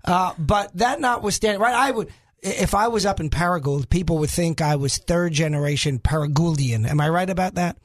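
A man's voice: fairly high pitch, fairly quick. A man from New York filling in as a talk radio host in a studio, joking and self-mocking, with rambling asides.

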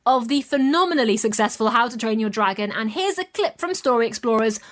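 Woman podcast presenter, cheerful scripted read, higher voice. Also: expressive, brisk. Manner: upbeat, direct to listeners.

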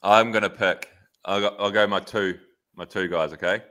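A man's voice: low-pitched, moderate pace. A New man co-hosting a podcast, telling stories in loose, swearing casual chat. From New Zealand. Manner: animated anecdote teller, swears casually. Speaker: podcast co-host, former track cyclist.

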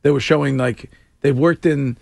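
Casting: male radio talk host, gravelly voice, rambling casual banter, dry studio sound. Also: medium pitch, fairly even intonation, moderate pace, a little mellow, dry recording. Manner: rambling, restarts, laughs often.

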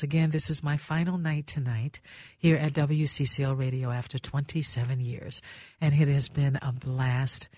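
An older woman with a very deep voice and dark tone hosts a call-in radio show, affectionate with callers and calling them honey. She speaks into a studio mic, with no echo.

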